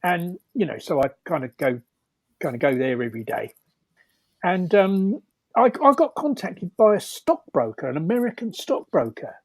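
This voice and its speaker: Older man, a guest storyteller with a husky, lively voice. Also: high voice, normal speed, dry recording. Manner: chuckling, lively, rambling. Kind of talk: anecdotal storytelling.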